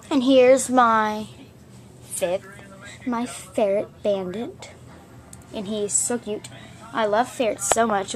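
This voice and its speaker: A girl showing her toy collection in a casual vlog from her bedroom, chatty and gushing, rambling with fillers. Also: medium pitch. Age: child. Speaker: vlogger showing her plush toys. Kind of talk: casual show-and-tell vlog.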